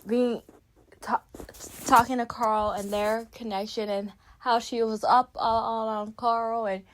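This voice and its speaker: A woman's voice: fairly high pitch, little pitch movement, measured pace, slight background noise. A young woman with a Canadian accent recapping a reality show, talking straight to her viewers with blunt opinions. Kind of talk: casual chat.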